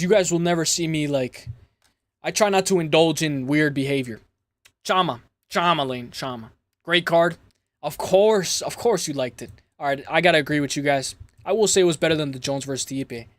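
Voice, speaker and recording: Young toronto guy on a stream, kinda high voice, dry close mic, rambly shout-outs. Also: dry recording. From Toronto, Canada. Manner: rambling, hype shout-outs, frequent fillers. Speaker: livestream host. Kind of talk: casual livestream chat reading comments.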